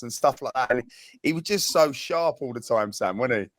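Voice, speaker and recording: A man's voice: mid-range voice, normal speed, a little hiss or hum. A middle-aged man, a former footballer, telling funny stories in casual chat with lots of restarts and laughter. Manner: animated storytelling with laughs and restarts. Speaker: podcast co-host, ex-footballer.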